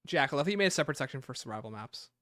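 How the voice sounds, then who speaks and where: Animated male streamer, bright tone, loose joking livestream chatter. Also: mid-range voice, very fast, dry recording, clean studio sound. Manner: animated, joking, thinking aloud. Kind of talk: casual livestream chat.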